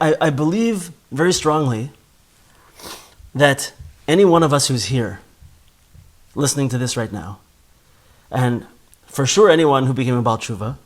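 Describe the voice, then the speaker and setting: A man giving a spoken Torah class in an earnest way, often repeating words as he builds a point. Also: on the high side. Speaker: Torah teacher.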